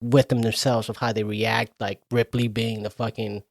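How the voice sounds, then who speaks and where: A man co-hosting a podcast, talking about a movie in a relaxed, rambling and profane way. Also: lowish voice, normal speed, vocal fry, no room sound, studio quality. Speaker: podcast co-host. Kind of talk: casual movie chat.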